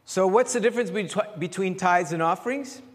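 A man pastor giving a conversational sermon with questions and answers, animated and repeating phrases as he searches for words. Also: high voice, normal speed, big-room sound.

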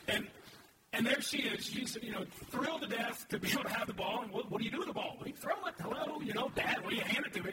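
A man in his thirties preaching a sermon as pastor, talking conversationally and asking the congregation questions. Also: high voice. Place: church sanctuary. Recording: echoey, distant, noisy room recording.

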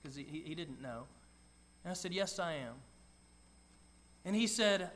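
A middle-aged man preaching a sermon, telling a personal story with soft, quiet asides. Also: a little high, lively intonation, unhurried, long pauses. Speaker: pastor.

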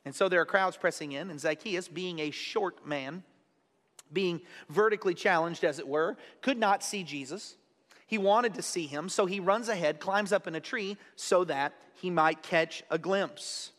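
A man's voice: sits high, moderate pace, a bit bright, long reverb tail. A man preaching an expository sermon in a conversational way, repeating key phrases for emphasis. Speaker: pastor.

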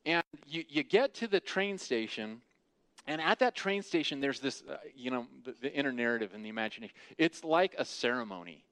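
A man's voice: mid-range voice, lively intonation, fairly quick, fairly bright tone, clean tone, dry recording. A man preaching an earnest, conversational sermon who often restarts and repeats his words.

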